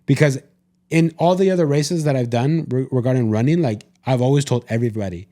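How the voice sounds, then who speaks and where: A man's voice: medium pitch, a little fast, warm tone. A young adult man co-hosting a podcast, telling a story in casual chat, rambling and correcting himself as he talks to listeners. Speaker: podcast co-host.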